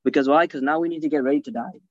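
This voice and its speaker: A man with a slightly high voice teaches a religious class at a quick clip, firing rhetorical questions at his listeners and weaving Arabic phrases into his English. The recording is dull and lo-fi, with a dry sound. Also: fairly even intonation, no room sound. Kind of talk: hadith class lecture.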